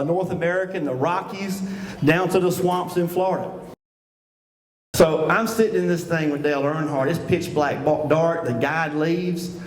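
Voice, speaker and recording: A man telling humorous hunting stories as a banquet speaker, acting out the voices of the people in them. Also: sits high. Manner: animated Southern-style storyteller, acting out voices. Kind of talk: humorous storytelling speech. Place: banquet hall. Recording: echoey hall, from far off, noisy.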